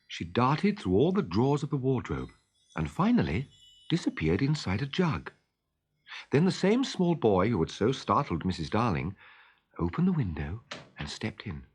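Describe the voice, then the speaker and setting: A man reading a children's story aloud with expressive, lively narration. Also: mid-range voice, slightly rough.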